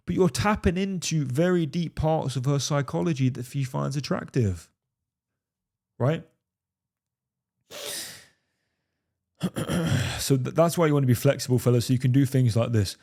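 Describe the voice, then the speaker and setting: A man's voice: mid-range voice, moderate pace, vocal fry, mellow. A man giving casual, brash dating and fitness advice to men, swearing freely and calling the listener "fellas". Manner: brash, profane, keeps addressing the listener as "fellas"; jokingly refers to himself in the third person. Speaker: dating coach. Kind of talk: casual talking-head advice.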